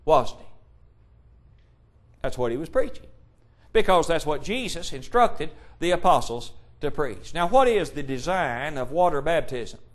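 High-voiced emphatic male preacher. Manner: emphatic, asks rhetorical questions; quotes scripture in old-fashioned wording. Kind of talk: sermon.

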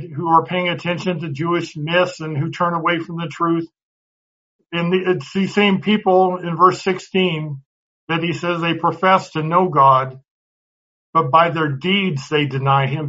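Man, Bible class teacher, bright tense voice, slightly high, repeats words, dull recording. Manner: conversational, repeats words, asks the class questions.

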